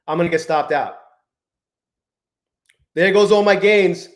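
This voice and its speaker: A man hosting a live trading stream, chatting with viewers, swearing often and swinging between low mutters and exasperated outbursts. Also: steady tone, normal speed, pauses often, reverberant. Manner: profane, exasperated, talks to chat. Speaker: livestream trading host.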